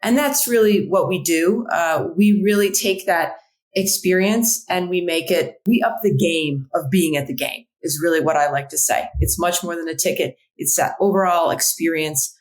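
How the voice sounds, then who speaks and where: A woman in her forties with a fairly low voice talks as a marketing executive on a podcast. She sounds enthusiastic and warm toward her work, sometimes restarting a phrase before carrying on. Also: moderate pace, rough recording. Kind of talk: casual interview.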